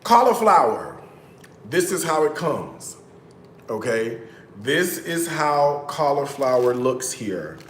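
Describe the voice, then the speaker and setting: Man cooking live, chatty and teasing, mid-pitched, roomy kitchen echo, faint room hum. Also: animated, slow. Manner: chatty, teasing asides to viewers. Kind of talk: casual live-stream chat. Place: home kitchen.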